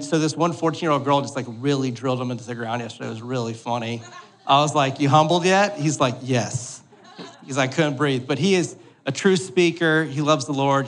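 A man's voice: medium pitch, a bit bright. A pastor in his thirties giving a sermon in a church hall, joking and conversational, often checking in with the congregation. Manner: joking, conversational, keeps asking "all right?".

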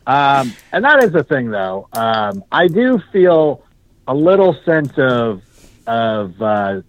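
A man hosting a casual sports chat, rambling and animated, from Southern California. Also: mid-range voice, takes it slowly, no echo. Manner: animated, rambling, mocks fans in put-on voices. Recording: dull dry podcast audio.

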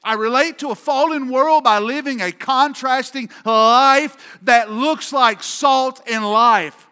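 A man's voice: extremely high pitch, takes it slowly, sharp tone, smooth, long reverb tail. A man pastor preaching a sermon with an emphatic, repetitive cadence, speaking in a church sanctuary.

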